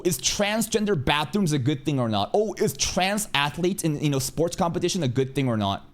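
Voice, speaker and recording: A male streamer giving a heated, profane commentary rant. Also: a little high. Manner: profane, heated, sweeping rants. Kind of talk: ranting commentary to camera.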